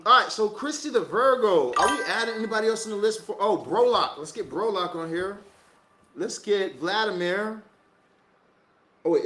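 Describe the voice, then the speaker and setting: High, lively man joking through a live tarot reading. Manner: laughing, slangy, joking asides. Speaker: tarot reader. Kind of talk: casual livestream chat. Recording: echoey room.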